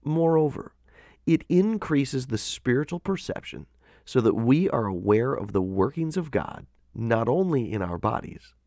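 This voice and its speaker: Slow, expressive male audiobook narrator. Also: mid-range voice, no room sound, clean studio sound. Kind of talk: scripted devotional audiobook narration.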